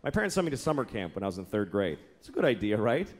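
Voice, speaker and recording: Profane stand-up man, wildly swinging pitch. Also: big pitch swings, racing. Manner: profane, exasperated storytelling with acted-out quotes. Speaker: stand-up comedian. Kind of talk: stand-up comedy set. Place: comedy club stage before a live audience. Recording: live club recording with crowd and faint noise. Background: audience laughter.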